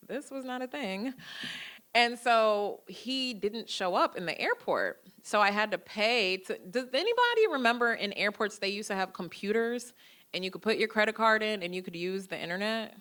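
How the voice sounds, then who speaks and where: Bright-voiced woman telling lively stories. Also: medium pitch, moderate pace, clean tone. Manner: lively storytelling, acting out quoted dialogue. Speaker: guest lecturer. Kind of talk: public lecture with personal stories. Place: lecture hall.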